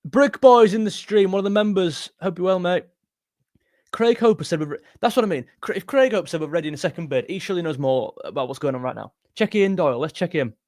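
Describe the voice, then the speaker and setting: A young man hosting a casual fan live stream, excitable and jumpy, talking straight to his chat. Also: fairly high pitch, fast, no room sound, clean studio sound. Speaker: football fan channel host.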